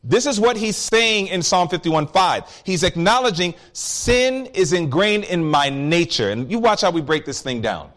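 A man's voice: sits high, normal speed, hardly any pauses. A man preaching a sermon, breaking down a psalm and telling stories, asking the congregation questions. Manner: animated storytelling, addressing the congregation with questions.

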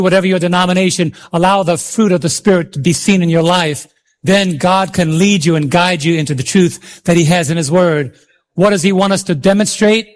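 A high-pitched man preaches with fervor, throwing questions out to the congregation and urging them to answer. His delivery is a passionate sermon, full of calls and repetition. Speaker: pastor.

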